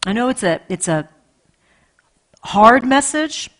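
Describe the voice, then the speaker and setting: Impassioned woman preacher, high voice. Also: very animated, slow pace. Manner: impassioned, repeats phrases, swings between loud and hushed. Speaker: pastor. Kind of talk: sermon.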